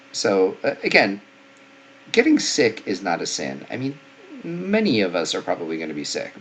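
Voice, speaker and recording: Snarky male medic commentator, low voice, casual and opinionated, lots of fillers. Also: slight background noise. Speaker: paramedic and nurse commentator.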